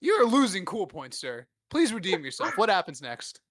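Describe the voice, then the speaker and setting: A young man co-hosting a casual podcast, swearing freely and joking, often slipping into quick put-on voices. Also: high-pitched, huge pitch swings, fairly bright tone, no room sound, clean studio sound. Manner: crude, joking, puts on voices mid-story. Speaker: podcast co-host. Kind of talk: casual chat.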